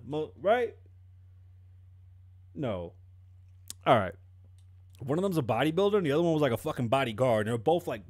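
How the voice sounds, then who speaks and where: A man's voice: on the high side, dry recording, clean studio sound. A man giving profane, sarcastic commentary on a news story. He mocks the story and fires off rhetorical questions. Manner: mocking, rhetorical questions, breaks off to laugh. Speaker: commentary vlogger.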